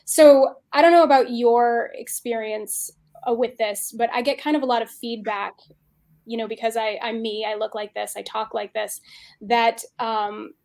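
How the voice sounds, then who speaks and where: A woman hosting a podcast conversation, expressive and quick to voice agreement. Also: a little high. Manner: affirming, frequent agreement, expressive. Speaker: podcast host. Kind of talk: conversational interview.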